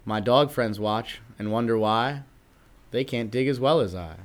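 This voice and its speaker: A young man reading a rhyming children's picture book aloud at a steady, rhythmic pace. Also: medium pitch, measured pace. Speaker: guest reader, band musician.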